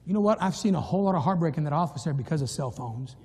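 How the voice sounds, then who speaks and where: A middle-aged man preaching a sermon as pastor, swinging from hushed low passages to loud, high-pitched emphasis. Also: lively intonation, very fast, breathy edge. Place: church sanctuary. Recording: long reverb from a church hall.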